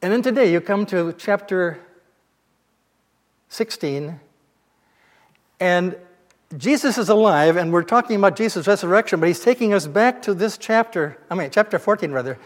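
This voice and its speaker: High-voiced man preaching in a reverberant hall. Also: lively intonation, moderate pace, long pauses. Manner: conversational storytelling, retelling scripture in plain words. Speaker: pastor. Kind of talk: sermon.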